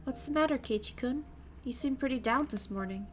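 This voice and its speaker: A woman voicing a gentle, caring teenage schoolgirl who speaks in a soft, concerned way. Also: sits high, a little fast, faint music behind, lightly acted.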